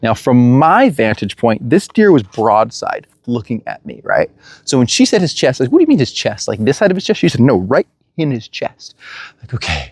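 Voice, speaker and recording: A man tells a hunting story in a relaxed, casual way. His voice sits in a middle pitch and is recorded dry and close, with no room sound. He gets animated and laughs now and then as he acts out the lines. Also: vocal fry, slightly rough, no echo. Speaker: hunter telling a hunt story.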